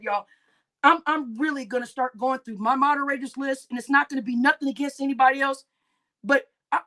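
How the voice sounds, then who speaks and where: Woman, high voice, livestream host, angry rant, heavy swearing, shouting bursts.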